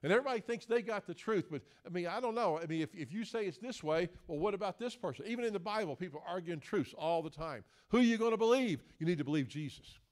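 A male preacher, speaking in a fairly high voice. He moves between folksy asides and jokes and emphatic, rising preaching. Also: quick pace, hardly any pauses. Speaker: guest preacher. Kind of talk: sermon.

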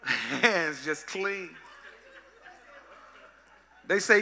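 High, bright-voiced joking preacher man. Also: lively intonation, normal speed. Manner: playful, joking with the congregation, singing in bits. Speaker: pastor. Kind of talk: sermon.

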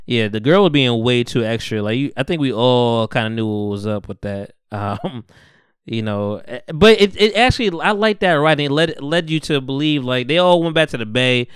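Animated but moderately paced, a young male podcaster recaps a TV episode in easygoing, slang-filled talk, voicing the characters' lines himself. His voice sits in the mid-range with a clean tone, captured as clean studio sound without echo.

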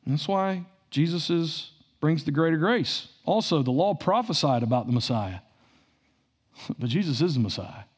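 A man's voice: fairly high pitch, lively intonation, moderate pace, breathy edge. A male pastor preaching a sermon, asking the congregation questions and repeating phrases for emphasis.

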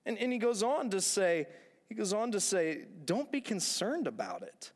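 High-voiced man preaching in an echoing hall. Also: sing-song, moderate pace. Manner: earnest, repeats phrases for emphasis, asks rhetorical questions. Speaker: pastor. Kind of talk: sermon. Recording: long echoing hall reverb.

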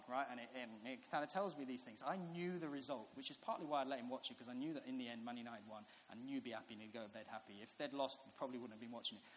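A man's voice: fairly high pitch, fairly bright tone. A man, preaching a sermon in a chatty storytelling way that builds to earnest reflection. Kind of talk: sermon with personal stories. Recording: echoey hall with faint hiss.

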